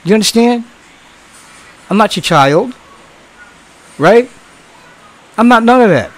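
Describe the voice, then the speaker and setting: A man's voice: sits high, lively intonation, takes it slowly, rough recording. Blunt, swearing man in his sixties. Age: 60s. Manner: blunt, lecturing, swears, repeats himself. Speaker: former customer service worker. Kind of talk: casual ranting monologue.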